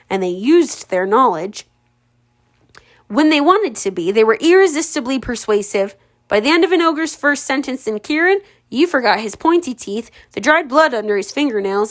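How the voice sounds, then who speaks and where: Casual woman reading a storybook aloud. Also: a little high. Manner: informal, corrects own slips. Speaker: audiobook reader for a relative. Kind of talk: casual read-aloud with commentary.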